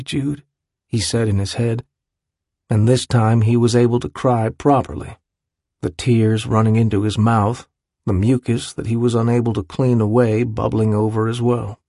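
Husky-voiced man narrating a novel. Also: fairly low pitch, no room sound, clean studio sound. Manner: measured, even storytelling delivery. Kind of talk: scripted audiobook narration.

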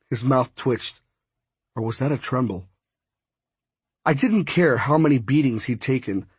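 A man narrating a first-person story as an audiobook, voicing each character with small shifts in pitch. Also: expressive, a little slow, pauses often, husky, no room sound.

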